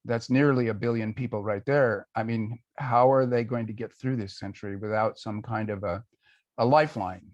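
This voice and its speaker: A man's voice: fairly low pitch, fairly even intonation, a little mellow, no echo, lo-fi sound. Thoughtful older man, dry sound. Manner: thoughtful, measured, with pauses and fillers. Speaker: guest author. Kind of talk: conversational answers in a panel talk.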